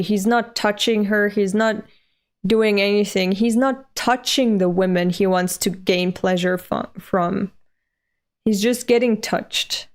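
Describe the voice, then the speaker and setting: A woman reading a manga aloud and reacting with expressive, animated commentary that jumps high when she is moved. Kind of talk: emotional read-along reaction.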